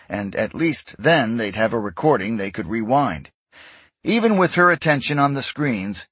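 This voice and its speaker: A man narrating a science fiction audiobook in a steady, measured storytelling voice. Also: medium pitch, husky, no echo. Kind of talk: scripted narration.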